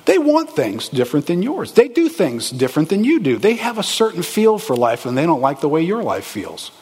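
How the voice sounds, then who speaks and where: A man preaching a sermon as a pastor, animated and conversational, asking the congregation rhetorical questions. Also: a little high, fairly quick, husky. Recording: echoey hall, long reverb.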